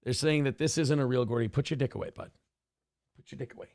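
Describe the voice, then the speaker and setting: A man hosting a casual livestream, rambling excitably with crude jokes and cooing to his dog. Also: medium pitch, fast talker, vocal fry, dry recording, clean studio sound. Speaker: livestream host.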